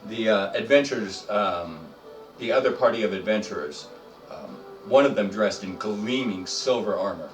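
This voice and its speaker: A man running a tabletop game as game master, narrating in a chatty, halting way with many fillers. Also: on the low side, expressive. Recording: roomy, distant mic, faint music.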